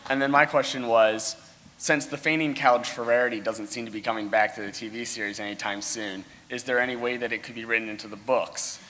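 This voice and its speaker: An earnest man from the audience laying out his suggestion and question step by step. His voice is bright. Faint background noise sits behind him. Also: mid-range voice, steady tone, a little fast, long reverb tail, low-quality recording. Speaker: audience member asking a question. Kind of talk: casual Q&A at a convention.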